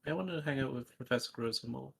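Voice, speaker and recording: A man's voice: mid-range voice, fast talker, gravelly, a bit bright, slight background noise. A man playing a tabletop game, chatty and laughing easily. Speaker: player. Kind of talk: casual tabletop role-play.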